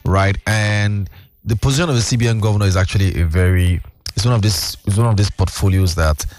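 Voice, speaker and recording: A man's voice: lowish voice, brisk, darkish tone, no room sound, studio quality. A man, a guest explaining financial news at length in casual chat, with many fillers. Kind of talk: casual radio-style chat.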